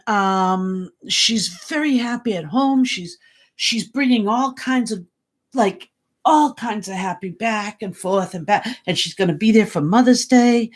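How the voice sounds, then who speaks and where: A woman psychic giving live readings in a halting, casual way, with many fillers and repeated words. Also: medium pitch. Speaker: psychic medium. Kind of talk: livestream reading, casual chat.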